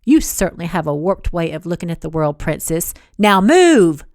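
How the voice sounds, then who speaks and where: A woman voicing a gruff young cowboy who speaks in a lowered, sneering voice during a storybook romance reading. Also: steady tone, brisk, dark tone, dry recording, clean studio sound.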